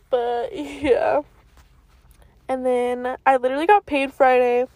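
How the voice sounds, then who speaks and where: A woman's voice: fairly high pitch, no room sound. A young woman in her twenties telling a casual storytime vlog, slangy and swearing freely with lots of fillers. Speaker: vlogger.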